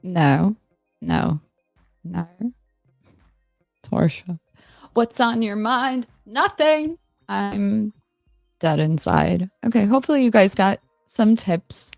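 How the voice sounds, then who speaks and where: A woman's voice: mid-range voice, animated, takes it slowly, gravelly, long pauses, dry recording, clean studio sound, soft background music. A woman hosting a live stream in a casual, rambling, self-mocking chat, answering her viewers.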